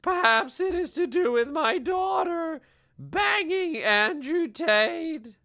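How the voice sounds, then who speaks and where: Brief: a tearful, self-pitying older male self-help author; high, quavering, slow wail. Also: lively intonation, sharp tone, raised voice, exaggerated voice. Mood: weepy. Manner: slow, drawn-out wailing delivery.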